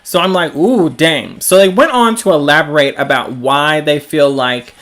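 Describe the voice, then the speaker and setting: A host with a Southern US accent talking through a live stream in an easygoing, rambling way. The voice sits at a middle pitch and leans on "like" as a filler, stopping now and then to answer viewer comments. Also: normal speed, fairly bright tone. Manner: frequent "like" fillers.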